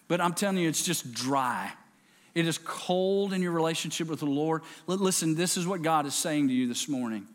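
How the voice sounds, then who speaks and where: A man preaching a sermon, with stammering restarts and quiet, hushed passages that build up to shouted exhortation. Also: fairly high pitch. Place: large church sanctuary. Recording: long hall reverb.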